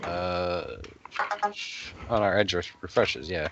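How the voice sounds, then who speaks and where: A man's voice: deep voice, slow, noisy background. A man chatting offhandedly as a player in a tabletop game, often laughing. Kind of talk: casual chat during a tabletop game. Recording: dull lo-fi recording.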